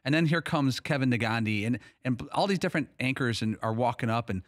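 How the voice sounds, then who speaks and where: Fast-talking man recalling a scene. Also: medium pitch, animated, dry recording, clean studio sound. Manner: vivid scene-setting recollection. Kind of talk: casual chat.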